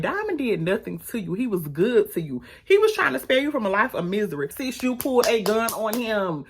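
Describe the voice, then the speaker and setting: A woman reviewing a TV episode in a casual, animated, sassy way, talking straight to her viewers. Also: fairly high pitch. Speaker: YouTube reviewer.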